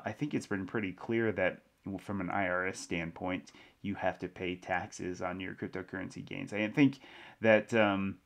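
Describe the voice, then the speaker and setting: A man hosting a crypto news show, reading an article aloud and adding casual commentary with small laughs. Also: low voice.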